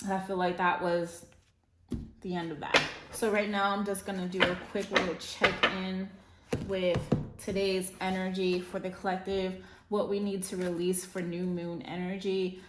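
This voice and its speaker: A woman's voice: lowish voice, little pitch movement, measured pace, heavy background noise. A woman giving a casual spiritual tarot reading, rambling and effusive, with lots of fillers. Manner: meandering, filler-heavy, effusive. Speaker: tarot reader. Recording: roomy echo.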